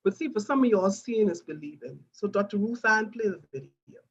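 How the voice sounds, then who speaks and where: A woman tells her story, warming into emotion and calling the listeners "guys". Her voice is husky and a little breathy. The sound is muffled, like a low-fidelity stream. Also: lively intonation, fairly quick. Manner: earnest, addresses listeners as "guys". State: getting emotional. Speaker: nurse sharing a testimony. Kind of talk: emotional personal testimony.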